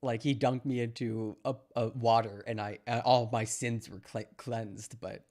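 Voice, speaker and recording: This young man from Canada streams himself commenting on news clips, rambling with many fillers in a sarcastic, mocking way. His mid-range voice is level and unhurried, with a darkish tone.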